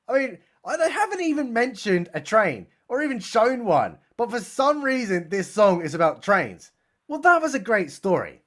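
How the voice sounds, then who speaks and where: A man's voice: high voice, fairly bright tone. A man with a British accent giving a mocking, exasperated comedic recap of a film, swearing casually as he goes. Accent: British English.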